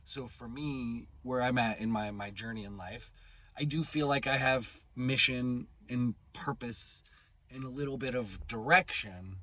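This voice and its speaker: A man's voice: medium pitch, a little slow, bright, forceful tone, no room sound, dull audio. A man in his thirties hosting his own channel, talking through a candid personal monologue, swearing casually and often restarting his sentences. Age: 30s. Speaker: channel host.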